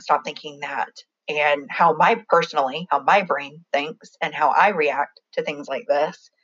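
A young woman telling a personal story in a halting, reflective way, often restarting her sentences. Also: sits low, a bit bright, lo-fi sound.

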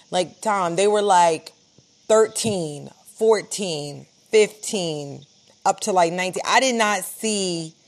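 Emphatic woman reporter, lowish voice. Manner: urgent, emphatic, with many "like" fillers. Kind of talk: live interview, recounting events.

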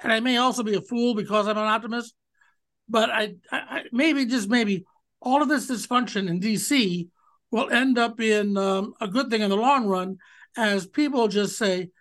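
A man's voice: high-pitched, moderate pace, a bit bright. Rambling man in his sixties. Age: 60s. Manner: rambling, hesitant, many fillers. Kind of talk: casual political chat.

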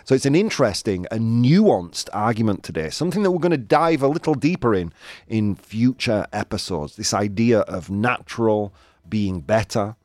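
A man's voice: on the low side, animated, normal speed, darkish tone, no echo. A man with a Yorkshire accent hosting a playful live-stream quiz, teasing and laughing with the chat. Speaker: host.

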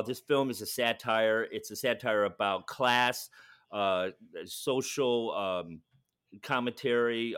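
A man's voice: medium pitch, clear, resonant tone. A man co-hosting a casual podcast, talking loosely with many ums and uhs. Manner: rambling, many fillers, loud at times. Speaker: podcast co-host. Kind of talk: casual chat.

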